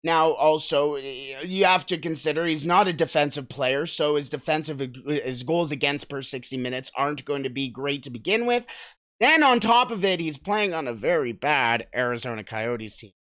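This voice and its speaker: A chatty man hosts a solo sports podcast in a relaxed, conversational way. He keeps putting questions to his listeners and moves around in his seat while he talks. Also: fairly high pitch, normal speed. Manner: shifts about in his seat while talking. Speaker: hockey podcast host. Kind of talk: casual solo podcast commentary.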